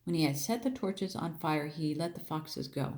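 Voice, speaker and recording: A woman teaching a Bible story in a loose, chatty way, rereading verses and thinking aloud as she explains them. Her voice sits fairly low for a woman and sounds mellow and relaxed. She punches out quoted lines with sudden emphatic lifts. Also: normal speed. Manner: chatty, thinking aloud with restarts and repeated phrases; plays out the figures' lines with raised, emphatic voice. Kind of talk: casual Bible reading and explanation.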